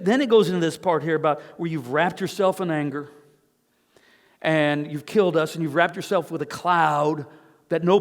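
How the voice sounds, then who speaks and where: High-voiced man preaching in a reverberant church. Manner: earnest, reads scripture aloud with rising emotion. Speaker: pastor. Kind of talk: sermon. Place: church sanctuary.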